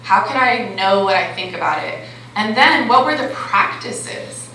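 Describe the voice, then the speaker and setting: Woman, life coach, motivational talk, forceful bright tone, conversational, very echoey hall. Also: mid-range voice, animated, measured pace, gravelly. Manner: conversational, keeps checking in with the crowd. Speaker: life coach and conference speaker. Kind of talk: motivational talk to a live audience. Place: conference hall. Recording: very echoey hall with faint background noise.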